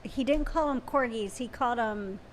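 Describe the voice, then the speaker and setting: A woman co-hosting a casual live stream, bubbly and quick to laugh. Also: fairly high pitch, a little hiss or hum. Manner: bubbly and gushing, laughs easily. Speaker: co-host.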